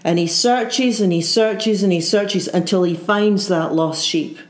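A woman's voice: on the low side, unhurried. A woman preacher giving an earnest sermon, full of rhetorical questions and repeated phrases. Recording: roomy echo.

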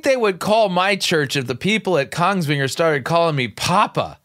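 A man's voice: on the high side, animated, moderate pace, few pauses, fairly bright tone, no echo, clean studio sound. A man hosting a radio show, giving sarcastic, incredulous commentary on video clips, often stumbling and restarting. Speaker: radio show host and pastor.

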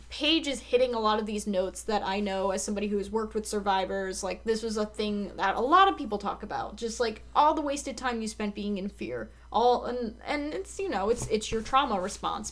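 A woman's voice: medium pitch, normal speed. A young adult woman recapping scenes in casual chat, full of fillers and frequent swearing. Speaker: podcast co-host.

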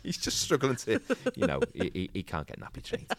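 A man hosting casual comedic chat, joking and animated. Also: deep voice, a little fast.

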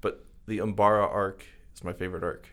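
A man co-hosting a casual podcast, chatty and quick to agree and add detail. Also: low-pitched, flat delivery, fairly bright tone. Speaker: podcast co-host.

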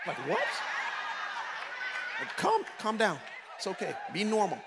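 A middle-aged pastor delivering a sermon, shouting and preaching with comic impressions of his congregation. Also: high voice, huge pitch swings, measured pace, a crowd in the background, background noise. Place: large church hall. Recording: echoey church hall with faint ambience.

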